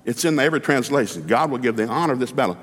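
A man delivers a lively sermon, folksy and humorous, breaking into emphatic commands and acted-out dialogue. His mid-range voice leaps up and down in pitch. It rings with long reverb from a large hall. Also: rapid-fire. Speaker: preacher.

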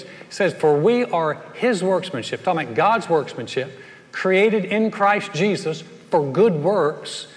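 Folksy pastor preaching in a reverberant hall. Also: male voice, on the high side. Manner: folksy storytelling, animated punchlines. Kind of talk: sermon.

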